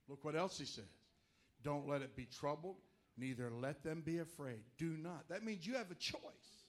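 A man preaching a sermon to a congregation, animated, moving from quiet asides to loud emphatic lines. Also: sits high.

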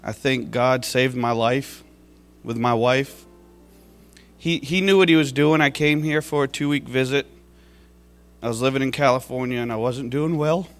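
A man stands before his church and gives a heartfelt testimony of gratitude. His voice sits at an ordinary middle pitch, now tearful, now breaking into a laugh at his younger self. Soft music plays faintly behind him. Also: steady tone, normal speed, long pauses. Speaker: church member giving testimony.

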